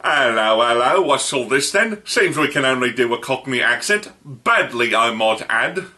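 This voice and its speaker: A man's voice: medium pitch, animated, takes it slowly, bright, forceful tone, exaggerated voice. A man doing a hammy mock-Cockney reviewer. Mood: self-mocking. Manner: over-the-top put-on Cockney, self-mocking.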